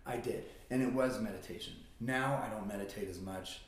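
A man's voice: lowish voice, brisk. A man telling his own story in a blunt, profane, casual way as a guest. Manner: blunt and profane, swears often. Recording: very echoey room.

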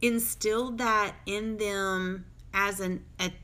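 A woman's voice: mid-range voice, steady tone, slow, sharp tone. A woman in her thirties co-hosting a casual chat, telling a family story with feeling and laughing often. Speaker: podcast co-host.

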